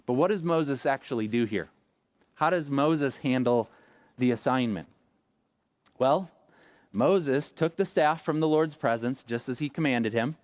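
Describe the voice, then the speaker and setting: A man in his thirties delivers a sermon in a relaxed, conversational way, now and then voicing the people he quotes. His voice sits in a middle pitch. The sound is dry and close. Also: unhurried, long pauses, dry recording. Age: 30s. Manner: conversational preaching, acting out quoted lines. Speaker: pastor. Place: church sanctuary.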